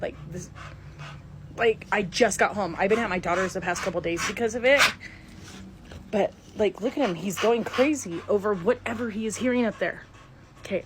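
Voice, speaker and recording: Middle-aged woman, frightened and breathless, half whispering, handheld phone video indoors, clear background noise. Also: mid-range voice. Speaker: homeowner filming her house. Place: inside a house. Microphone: phone held while walking.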